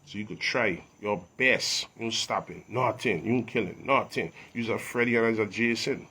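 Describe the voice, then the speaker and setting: A man's voice: on the low side, moderate pace, pushed and bright, slight background noise. Emphatic man with street swagger. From Virgin Islands. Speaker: guest artist. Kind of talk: casual interview chat.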